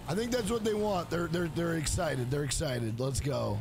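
A man's voice: fairly high pitch, brisk, hardly any pauses. A man streaming a game live, cursing and trash-talking the screen, and greeting and thanking viewers in the chat. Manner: profane, excitable trash talk at the screen. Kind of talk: live-streamed gameplay commentary. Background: game music.

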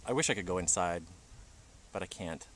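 A man's voice: low-pitched, a little fast, fairly bright tone, a little hiss or hum. A man livestreaming in a park forest, chatting and joking with his viewers. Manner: chatty, jokey, talks to viewers. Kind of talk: casual livestream chat.

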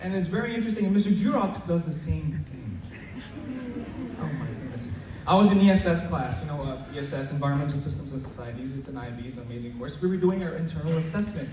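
A male student in his late teens doing stand-up comedy at school, chatty and stammering, loudly acting out his teachers. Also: a little high, expressive, quick pace. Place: school hall with an audience. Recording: echoey hall recorded from far off. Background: audience laughter and room noise.

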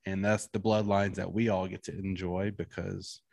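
A man's voice: low voice, level tone, normal speed, gravelly, a little mellow, no echo. A man co-hosting a podcast in casual banter, making emphatic points and dropping his voice to land them. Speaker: podcast guest co-host.

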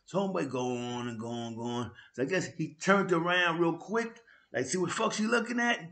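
A man with a New York accent tells a story on his own vlog in casual street slang. His voice sits high and sounds bright and forceful, dotted with loud bursts and sound effects. The room around him is echoey. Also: brisk. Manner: animated street slang with frequent "you know what I'm saying". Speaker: vlog host.

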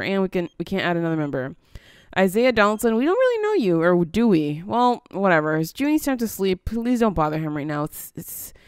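A woman's voice: fairly low pitch, clear, resonant tone, dry recording, studio quality. A woman giving casual let's-play commentary, chatty and easily surprised, coaxing her game character along. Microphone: headphones on, desk mic.

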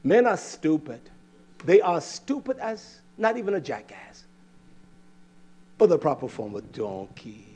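Fiery high-voiced male preacher. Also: wildly swooping pitch, unhurried, pauses often, breathy edge. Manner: confrontational, rhetorical questions, swings from loud to low. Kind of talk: fiery scripture sermon.

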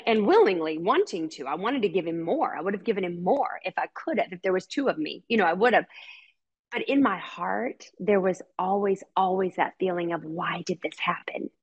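A woman's voice: medium pitch, husky, lo-fi sound. A middle-aged woman, telling a personal story as a podcast guest in an earnest, heartfelt way, often repeating words for emphasis.

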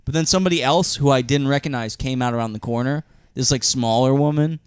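Podcast dude telling a story, smooth resonant voice, dry close mic, acts out the quotes. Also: male voice, medium pitch, quick pace, dry recording. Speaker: podcast co-host. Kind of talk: casual chat.

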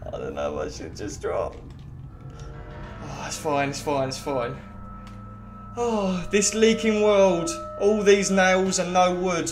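A young man giving casual let's play commentary, chattering to himself and the game. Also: a little high. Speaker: gaming youtuber.

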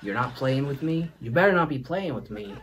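A man's voice: medium pitch, lively intonation, a little fast, fairly bright tone, slight background noise, lightly acted. A man putting on the voice of his stern, insistent older grandfather. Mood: scolding.

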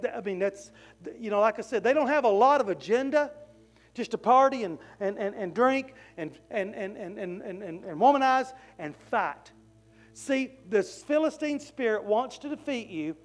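Pastor, man, very high voice, folksy sermon delivery with repeated words. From Southern US. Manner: folksy, repeats words when searching for them. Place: church sanctuary.

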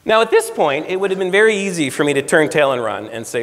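A man in his forties from the United States gives a storytelling talk in a lecture room, with the sound ringing out in a long hall reverb. His voice sits a little high for a man. He acts out quoted lines with lively energy. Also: fast, few pauses. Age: 40s. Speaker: guest speaker.

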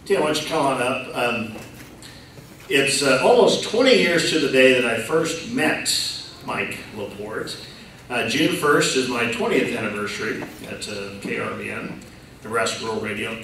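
Guy saying a few words at a retirement party, pausing a lot, faint room noise. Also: mid-range voice, a bit bright. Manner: hesitant, with fillers. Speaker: general manager. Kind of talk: casual tribute speech. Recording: echoey room from far off.

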